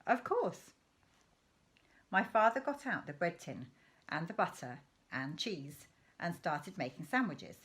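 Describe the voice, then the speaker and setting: A woman teacher reading a children's novel aloud in an expressive way. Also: fairly low pitch, unhurried. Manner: expressive, with animated rises and falls.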